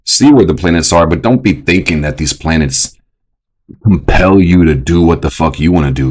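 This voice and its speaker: A young adult man hosting a casual astrology stream, profane and animated, often jumping into mocking voices. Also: extremely low pitch, normal speed. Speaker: astrology show host. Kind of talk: casual astrology livestream talk.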